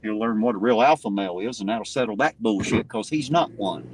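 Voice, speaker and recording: A channel host and auditor chats casually while driving, mocking things and frequently swearing and laughing. His voice is on the low side and a bit fast, with loud road noise from the moving car in the background.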